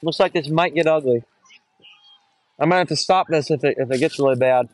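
A young man doing casual, rambling play-by-play of a high school football game outdoors, recorded on a phone, often correcting himself and getting excited on big runs. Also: a little fast, no echo. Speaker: play-by-play announcer.

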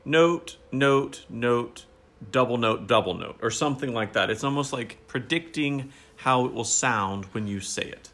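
A man chats as a podcast co-host, his voice in a middling pitch. He talks with easy enthusiasm, cracks jokes, and uses plenty of fillers like "like" and "you know.". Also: measured pace, fairly bright tone. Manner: chatty, enthusiastic, joking. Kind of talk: casual chat.

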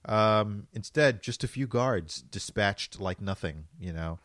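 A low-voiced man talks slowly in a casual movie chat, his pitch swinging widely as he goes. He laughs often, and the sound is close and dry. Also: lively intonation, a bit bright, dry recording. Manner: slow, drawn-out, laughs a lot.

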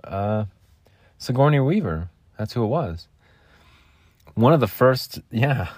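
A man's voice: on the low side, darkish tone, no room sound. Rambling goofy man hosting a podcast. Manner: goofy, rambling, jokey asides. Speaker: podcast host. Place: makeshift home vocal booth.

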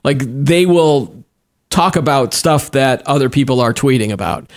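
A man's voice: medium pitch, lively intonation, unhurried. A middle-aged man co-hosting a podcast in casual tech chat, rambling with many restarts and fillers. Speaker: podcast co-host.

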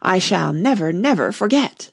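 A woman's voice: on the low side, animated, moderate pace, vocal fry, husky, heavily acted. A woman voicing a timid, fussy old chess king in a storybook reading, speaking plaintively in her own register. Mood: fretful.

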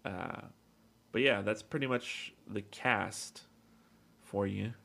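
Bright-voiced man in loose movie chat. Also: lowish voice, slow pace, gravelly. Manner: swears freely, loose and rambling. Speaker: podcast co-host.

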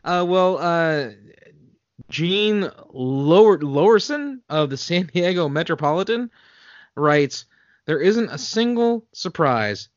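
A man's voice: a little high, sing-song, takes it slowly, dry recording, lo-fi sound. A man on a podcast reading critics' reviews in a wry, casual way. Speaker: podcast co-host.

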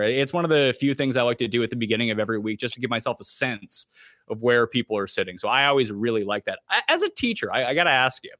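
Canadian man for a golf podcast guest spot; animated, wide-ranging delivery, recorded dry and close. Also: mid-range voice, no echo. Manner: animated, quick asides and self-deprecating jokes. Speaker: fantasy golf analyst. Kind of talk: casual podcast chat.

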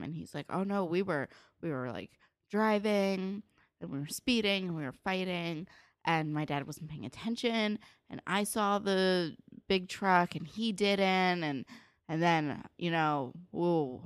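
A woman's voice: lowish voice, smooth, dry recording, clean studio sound. A young woman from New Jersey, co-hosting a podcast and recapping a TV episode in loose, chatty talk full of "like" and "um". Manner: chatty, lots of "like" and "um", quick asides. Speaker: podcast co-host. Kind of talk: casual chat recapping a TV episode.

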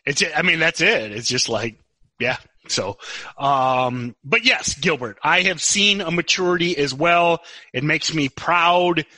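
A man's voice: a little high, lively intonation, measured pace, bright, forceful tone, dry recording. A man co-hosting a podcast in casual chat, teasing and joking. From United States. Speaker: podcast co-host.

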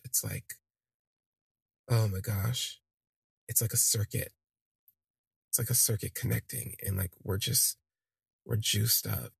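Guy telling a personal story, rambly and candid, gravelly husky voice, dry close sound. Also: fairly low pitch, dry recording. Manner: candid, rambling, frequent fillers. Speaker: podcast host.

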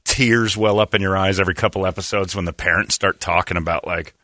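A man's voice: sits low, fast talker, hardly any pauses. A man hosting a comedic podcast chat, rambling and sarcastic. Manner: rambling, sarcastic, animated, slips into mock voices.

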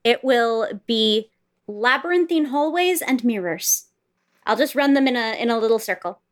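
A woman playing a tabletop role-playing game in an eager, animated way. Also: fairly high pitch, moderate pace. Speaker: player.

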